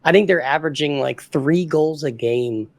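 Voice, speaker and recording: Male podcast co-host, gravelly, slightly higher voice, confident predictions. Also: moderate pace. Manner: confident, makes firm predictions. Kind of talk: casual sports chat.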